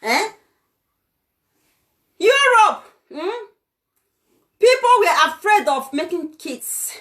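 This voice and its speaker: A woman's voice: extremely high pitch, sing-song, takes it slowly, fairly bright tone. A young Nigerian woman with a Nigerian accent, delivering a heated, scolding vlog rant full of exclamations. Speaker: vlogger. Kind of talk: ranting vlog monologue.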